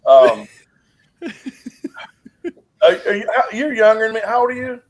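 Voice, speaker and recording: A man in his fifties teases and jokes his way through a casual podcast chat. His voice sits a little high and swings up and down with lively pitch. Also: measured pace, dull audio. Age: 50s. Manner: teasing, jumps up and down in pitch. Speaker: podcast co-host. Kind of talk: casual profane banter.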